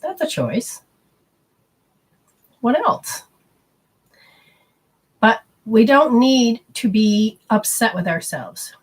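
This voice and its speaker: A woman's voice: fairly high pitch, sing-song, drawn-out words, long pauses, breathy edge. A middle-aged woman hosting a spiritual talk show, speaking in a chatty, rambling way and acting out quoted voices. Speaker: spiritual radio host. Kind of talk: casual spoken talk.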